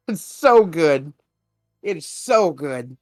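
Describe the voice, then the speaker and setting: A man's voice: fairly high pitch, big pitch swings, drawn-out words, no room sound, clean studio sound, faint music behind. A man co-hosting a podcast, casually retelling a movie plot, laughing often and acting out the characters' lines. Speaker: podcast co-host.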